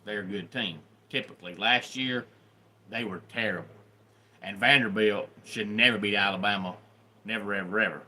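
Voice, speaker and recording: A Southern man from the Deep South hosts a casual live stream, greeting viewers one by one in a chatty way. His voice is on the low side but bright and forceful. A faint hiss sits under his talk. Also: moderate pace. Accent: Southern American. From Deep South, USA. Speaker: livestream host.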